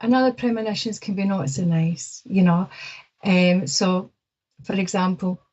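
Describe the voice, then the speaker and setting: A woman's voice: mid-range voice, normal speed, a little mellow, highs cut off. A woman explaining psychic experiences in a casual, rambling way, full of fillers and asides. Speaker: psychic guest.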